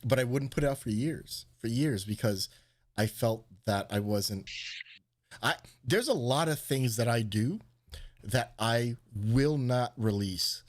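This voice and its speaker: Animated swearing man telling a story. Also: medium pitch, unhurried. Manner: animated, swearing, acts out quotes in a raised voice. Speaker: host. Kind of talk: casual storytelling chat.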